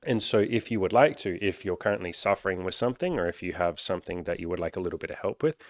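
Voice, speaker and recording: A man's voice: low-pitched, animated, fast talker, dry recording, clean studio sound. A man working as a life coach, talking straight to camera in a casual, candid monologue, swearing freely and acting out the people he quotes. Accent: Australian. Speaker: life coach and content creator.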